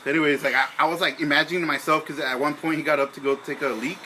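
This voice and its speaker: A young man, co-hosting a casual podcast over beers, telling a profane story and acting out his own angry shouting. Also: a little high, fairly even intonation, racing, slight background noise, rough recording. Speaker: podcast co-host.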